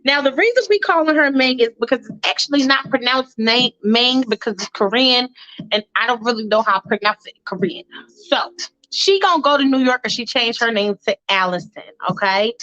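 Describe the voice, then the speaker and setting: A high-voiced woman tells a story off the cuff, rambling and slangy with plenty of swearing. She talks straight to her listeners like friends. The recording sounds dull and lo-fi. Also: animated, brisk, bright, forceful tone. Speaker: storyteller, podcast host. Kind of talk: casual improvised storytelling.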